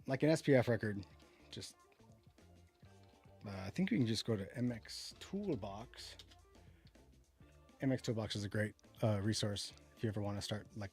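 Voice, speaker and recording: A man's voice: mid-range voice, a little mellow, husky. Rambling casual man talking tech. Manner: rambling, self-correcting, reads chat comments aloud. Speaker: podcast co-host. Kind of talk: casual livestream tech chat.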